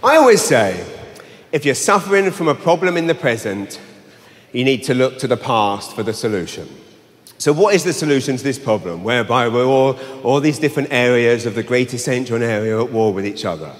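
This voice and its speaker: A man's voice: mid-range voice, expressive, a little fast. A man with a London English accent doing a brash, sweary stand-up set live in a large arena on a handheld mic. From England. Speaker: stand-up comedian. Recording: live arena with long reverb, faint hum.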